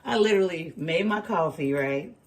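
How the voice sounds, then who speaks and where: A woman tarot reader chatting casually and telling an animated story, laughing and using slang. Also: fairly low pitch, moderate pace. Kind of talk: casual chat. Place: home kitchen, early morning.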